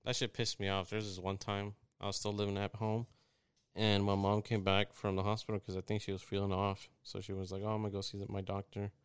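A man's voice: lowish voice, monotone, fairly quick, clear, resonant tone, no echo. A young man from Texas, co-hosting a casual chat and retelling stories with lots of swearing and quoted voices.

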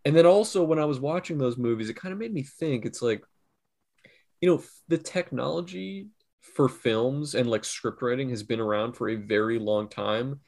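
A man's voice: mid-range voice, moderate pace, creaky, darkish tone. A man co-hosting a podcast, telling long rambling stories in casual chat. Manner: rambling storyteller, lots of fillers. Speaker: podcast co-host.

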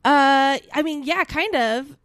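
A woman's voice: high-pitched, slow, a bit bright, no room sound, studio quality. A young woman in casual chat, chiming in to fill in details of a friend's story and laughing along.

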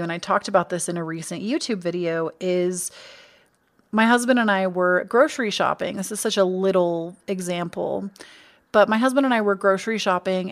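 A young adult woman hosting her own podcast, talking casually and earnestly about empathy, reflective and conversational. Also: mid-range voice. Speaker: podcast host. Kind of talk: casual solo podcast talk.

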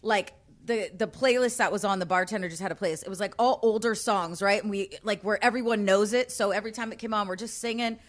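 A woman in her late thirties telling a long rambling story in casual chat, often trailing off softly. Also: mid-range voice, quick pace, hardly any pauses. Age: 30s. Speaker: co-host.

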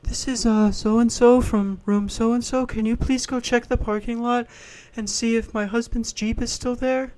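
A woman's voice: extremely high pitch, little pitch movement, a little slow, hardly any pauses, dark tone, voice pushed up. A man putting on a crying, pleading woman. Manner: shaky, pleading. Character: distraught young woman, crying, barely speaking.

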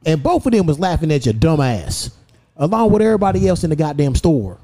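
Young guy hosting a podcast, cussing and heated, kinda high voice. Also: big pitch swings, fairly quick, dark tone. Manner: profane, heated storytelling with laughs. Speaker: podcast host. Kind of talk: casual storytelling chat.

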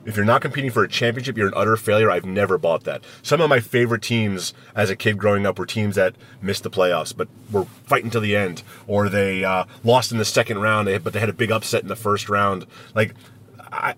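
A man's voice: lowish voice, brisk, fairly bright tone. A man co-hosting a casual sports podcast as a hockey reporter, emphatic and opinionated, talking from a parked vehicle outside an arena.

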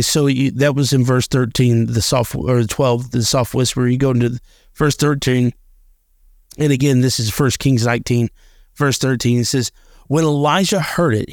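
Gravelly-voiced man talking faith. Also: medium pitch, a little mellow, no room sound, studio quality. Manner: earnest, repeats words and restarts often. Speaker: podcast co-host. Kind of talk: casual faith talk with scripture reading.

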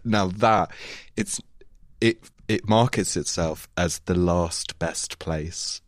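Deep-voiced chatty host. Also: male voice, slow pace, no room sound, studio quality. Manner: chatty, laughs often, swears casually. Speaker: podcast host, touring musician. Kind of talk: casual podcast conversation.

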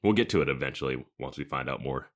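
Man, very deep voice, lively intonation; wry podcast co-host. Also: fast. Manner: wry, joking asides. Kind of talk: casual recap chat.

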